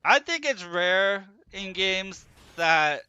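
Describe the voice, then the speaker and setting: A man streaming a game from his room, talking with viewers in an easygoing, chatty manner. His voice is bright and clean, and the sound is dry and close. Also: high-pitched, big pitch swings, slow pace, clean tone, no room sound, lo-fi sound. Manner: laid-back, chatty with chat viewers. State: sleepy, yawning. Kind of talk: casual gameplay commentary. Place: room at home.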